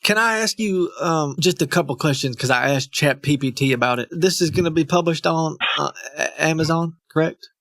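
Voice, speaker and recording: A man's voice: on the high side, fairly quick, hardly any pauses, fairly bright tone, no echo. Male streamer feigning doubt. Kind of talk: casual prank call commentary.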